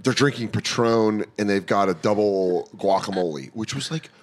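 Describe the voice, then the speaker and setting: A man on a casual podcast, telling lively stories with quick impressions and swearing. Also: fairly low pitch. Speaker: podcast guest, comedian.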